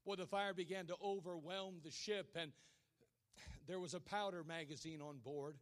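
A male preacher giving a sermon, telling a story dramatically and swinging from hushed lines to shouted ones. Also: sits high, steady tone, moderate pace.

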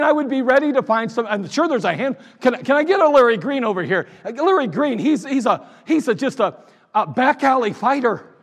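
A man preaching to his congregation, his voice high for a man and swinging widely in pitch as he dramatizes each scene. He tells the story with animation and acts out the quoted lines. The recording rings with the long reverb of a church sanctuary. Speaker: pastor. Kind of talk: sermon.

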